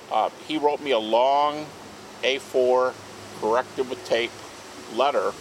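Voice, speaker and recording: A man speaking as a guest at an outdoor garden party, telling anecdotes in an animated way. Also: mid-range voice, slight background noise, poor audio. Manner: animated, acts out quoted speech. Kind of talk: anecdotal storytelling to a small group.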